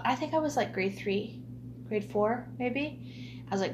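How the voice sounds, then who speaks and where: A woman's voice: fairly high pitch, measured pace, a bit bright, a little hiss or hum. A woman telling a funny childhood story in casual chat, laughing and using lots of fillers.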